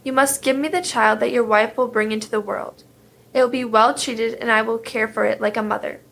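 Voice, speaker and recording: A woman's voice: fairly high pitch, steady tone, brisk, gravelly, a bit bright. A woman playing a cold, commanding enchantress. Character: stern, sly, possessive enchantress.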